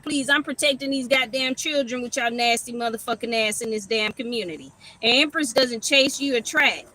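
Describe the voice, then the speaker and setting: A woman's voice: high-pitched, pushed and bright, poor audio. A woman giving a casual livestream tarot reading, rambling and profane, laughing as she tells stories. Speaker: tarot reader.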